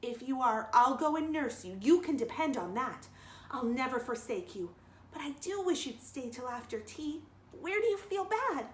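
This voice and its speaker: A woman's voice: high-pitched, animated, moderate pace, a little hiss or hum. A woman voicing a dreamy, dramatic young girl who chatters theatrically. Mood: pleading. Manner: breathless, theatrical storytelling. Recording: roomy echo.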